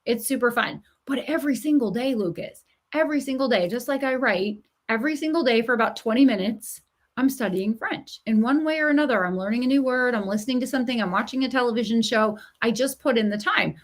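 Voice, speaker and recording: A middle-aged woman with a somewhat high voice talks as a podcast guest. She tells her stories with animation and is quick to laugh. She coaches the listener with emphatic encouragement. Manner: animated storyteller who acts out quoted voices and laughs often. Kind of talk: conversational podcast interview.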